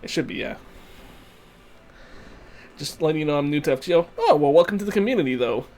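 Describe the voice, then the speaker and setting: A man's voice: on the high side, lively intonation, a little fast, a little mellow. A young man hosting a game stream, chatting loosely with viewers and rambling between story lines. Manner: chatty, rambling, restarts, answers chat. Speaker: gaming channel host. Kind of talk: casual game stream commentary.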